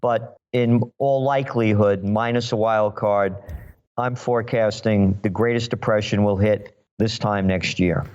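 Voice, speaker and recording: A man's voice: fairly low pitch, steady tone, unhurried, a little mellow, clear, resonant tone, muffled recording. A man from New York, a guest forecaster in a podcast interview, talking emphatically and sarcastically. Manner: emphatic and sarcastic, mocking voices.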